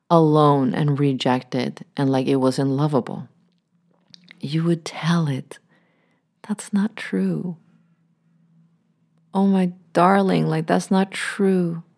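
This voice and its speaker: A woman hosts her own podcast as a healing coach, talking in a gentle, soothing way. Her voice sits low and her delivery is unhurried, with soft near-whispers slipping in now and then. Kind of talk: reflective solo podcast monologue.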